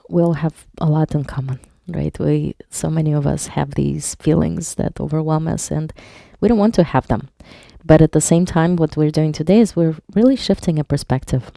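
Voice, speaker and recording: A woman's voice: low-pitched, gravelly, warm tone, dry recording, studio quality. A woman hypnotherapist leading a live online workshop, reading viewers' chat aloud and explaining patiently, with some wordplay. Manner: plays on words while teaching.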